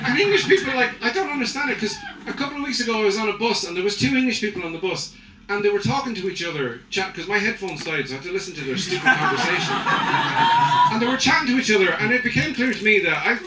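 A man's voice: sits high, lively intonation, quick pace, loud music behind the voice. An Irish man doing a stand-up comedy set, rambling and crude as he works the crowd. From Ireland. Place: comedy venue in front of a crowd. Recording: echoey live room, loud noise, distant mic.

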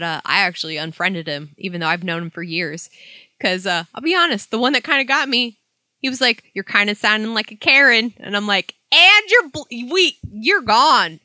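A young adult woman in casual chat, cursing freely and telling animated stories. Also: mid-range voice, fairly quick, no room sound. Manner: profane, animated storytelling.

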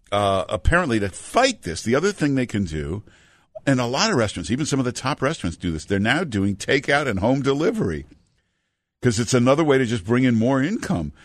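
A man's voice: medium pitch, no echo. A male radio talk show host taking calls, blunt and opinionated, wandering into asides. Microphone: studio microphone.

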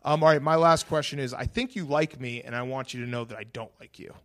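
A man's voice: medium pitch, fast. A man hosting a casual podcast interview, teasing his guest with mock hostility.

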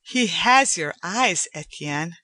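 A woman voicing a lively, affectionate young woman who speaks eagerly and with delight. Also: on the low side, takes it slowly, no room sound, exaggerated voice. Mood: curious.

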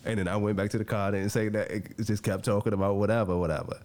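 A man hosting a podcast, telling a personal story in a casual, animated way, acting out what people said and laughing often. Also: lowish voice, fast. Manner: animated, acts out quoted lines, laughs often. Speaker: podcast host.

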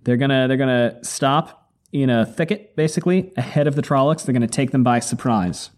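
A woman's voice: rumbling low, brisk, a little mellow. A woman podcast host retelling book chapters in a playful, casual chat, breaking into goofy voices now and then. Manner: playful, swears, does goofy character voices.

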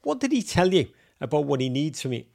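A man's voice: a little high, big pitch swings, quick pace, gravelly, darkish tone. A man hosting a podcast interview in a jokey, theatrical way. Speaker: podcast host. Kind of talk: playful interview.

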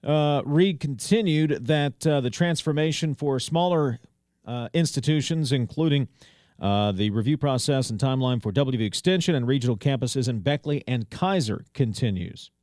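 A man's voice: mid-range voice, lively intonation, darkish tone, dry recording. Dry-voiced male radio news host. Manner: measured delivery with frequent uh fillers. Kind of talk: news recap.

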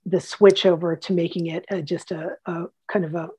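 A woman guest on an interview, telling history anecdotes in a lively way with many restarts. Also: fairly low pitch, normal speed, breathy edge. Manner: animated, acts out quotes, many restarts. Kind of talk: casual storytelling.

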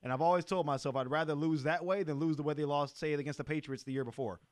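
A man co-hosts a casual sports podcast and talks quickly. His voice sits a little high, and the sound is dry and close. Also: steady tone, dry recording. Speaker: podcast co-host.

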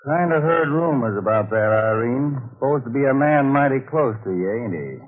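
A folksy cowboy film star drawls in a husky, lilting voice, played by a man in an old radio play. His country slang comes slow, and his pitch rises and falls a lot. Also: expressive, lightly acted, low-quality recording. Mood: wheedling drawl. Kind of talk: 1940s radio acting.

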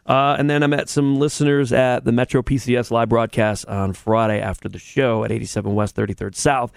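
A man's voice: mid-range voice, steady tone, fairly quick, vocal fry, clear, resonant tone, dry recording, clean studio sound. A man hosting a radio show in a casual, rambling chatty way, with restarts. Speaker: radio host.

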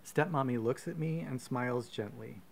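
Podcast host, man, gravelly fry, mid pitch, playful storytelling. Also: normal speed, slight background noise. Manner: playful, self-mocking, laughs often. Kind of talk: comic storytelling.

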